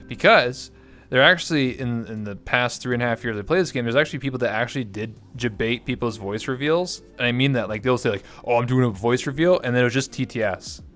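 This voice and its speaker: Male stream host, average pitch, loose jokey chat, faint music under him. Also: quick pace, fairly bright tone. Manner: rambling, jokey. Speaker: livestream host. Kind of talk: casual chat.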